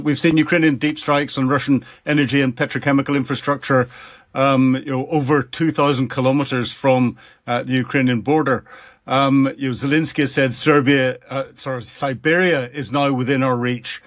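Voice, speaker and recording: Northern irish radio host, chatty, loads of ums, mid pitched voice. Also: male voice. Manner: relaxed, fills gaps with ums and uhs. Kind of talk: radio interview.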